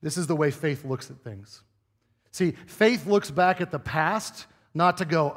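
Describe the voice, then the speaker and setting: A man's voice: sits high, moderate pace. A pastor giving a conversational sermon in a church, often asking his listeners rhetorical questions. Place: church sanctuary. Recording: long reverb of a church hall.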